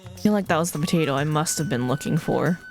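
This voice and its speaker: A chatty woman streamer talking into a streaming mic, casual and self-mocking, with the odd swear. Her voice sits low for a woman but swings widely in pitch. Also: expressive, quick pace, faint music behind. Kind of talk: casual live-stream chat.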